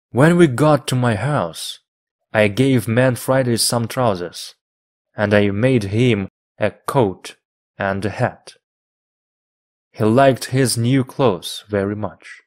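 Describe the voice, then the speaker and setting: Slow, low-voiced male story reader. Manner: measured, even phrasing for learners. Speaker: English teacher reading a book aloud. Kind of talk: slow, deliberate storybook reading.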